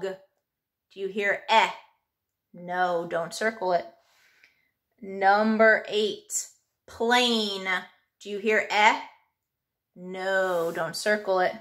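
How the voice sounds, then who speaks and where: Woman, teacher, phonics lesson, patient, sounds out letters, slow pace. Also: medium pitch, a bit bright. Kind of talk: reading a phonics workbook lesson to a child.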